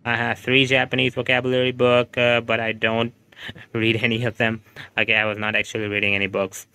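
Man, game streamer, bright crisp voice, rambly chat with viewers. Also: medium pitch, monotone, fairly quick, no echo. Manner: chatty, rambling, reassuring toward chat. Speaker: game livestreamer. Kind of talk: casual livestream chat, answering viewer comments.

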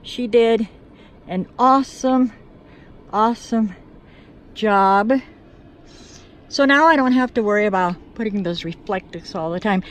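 A woman with a mid-range voice talks to camera at a moderate pace while out of breath. She's vlogging outdoors at her van campsite in the woods, chatting casually with her viewers in an earnest, grateful way.

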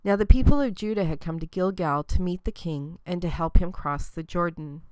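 A woman giving a measured, even reading of Bible scripture. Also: on the low side, clean tone, dry recording. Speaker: scripture reader.

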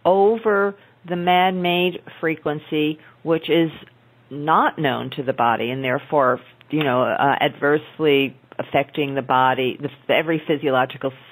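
Low-voiced woman explaining earnestly. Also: steady tone, rough recording. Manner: earnest, explains slowly with restarts and fillers. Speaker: guest, naturopathic doctor. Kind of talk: explanatory interview talk.

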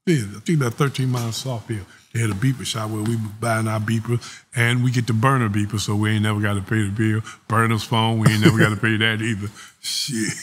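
Husky man telling a story. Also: on the low side. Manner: animated, profane street storytelling, laughs often. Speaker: interview guest. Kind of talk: casual storytelling.

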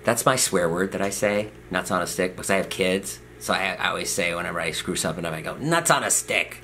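A man in his thirties chats to camera in a loose, rambling storytelling style, full of fillers and self-deprecating asides. His voice is bright and forward, with a faint hiss under it. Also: sits low, fairly even intonation, quick pace. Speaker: vlogger. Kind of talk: casual storytelling.

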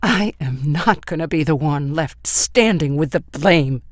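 A man voicing a bitter adult son who speaks slowly and forcefully in anger, for an audiobook. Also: fairly high pitch, no echo, clean studio sound. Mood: furious. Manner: slow, clipped, louder angry delivery. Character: bitter grown man, adopted son, furious.

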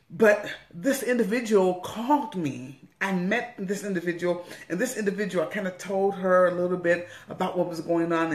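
A woman bishop giving an earnest personal testimony, repeating phrases for emphasis. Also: sits low. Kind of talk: personal testimony in a weekly online message. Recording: roomy echo.

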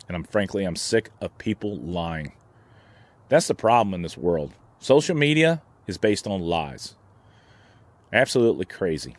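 A man's voice: on the low side, very animated, moderate pace, dry recording. A man hosting his own channel, speaking in a heated, indignant vlog rant with frequent restarts. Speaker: gun channel host. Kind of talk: opinion vlog commentary.

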